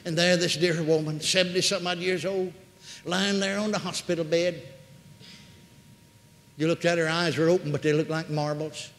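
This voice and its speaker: High-voiced preacher in an echoey hall. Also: male voice, little pitch movement, normal speed, long pauses. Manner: dramatic, swings from hushed to loud. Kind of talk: storytelling sermon.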